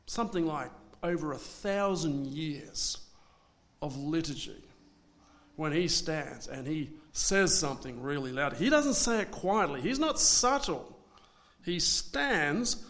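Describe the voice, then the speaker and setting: A man preaching a sermon, swinging between loud dramatic declarations and hushed asides. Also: on the high side.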